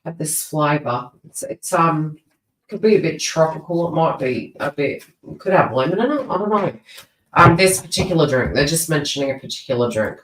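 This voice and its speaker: A woman's voice: low-pitched, animated, normal speed, a little hiss or hum. A woman chats her way through a live-streamed tarot reading, rambling from one aside to the next and often restarting her sentences. Her voice sits away from the microphone, so it sounds roomy and distant. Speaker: tarot reader.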